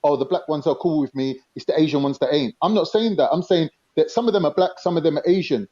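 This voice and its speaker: A man's voice: a little high, fast, noisy background. Blunt slangy man in his forties, lo-fi. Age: 40s. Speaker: panel guest. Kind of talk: heated online panel debate.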